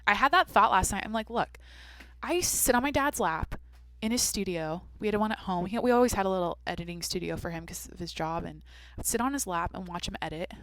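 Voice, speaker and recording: A woman's voice: mid-range voice, fairly quick, fairly bright tone, dry recording. A woman in her twenties hosting a solo podcast, rambling candidly and swearing casually into a microphone in a small home studio. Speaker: podcast host.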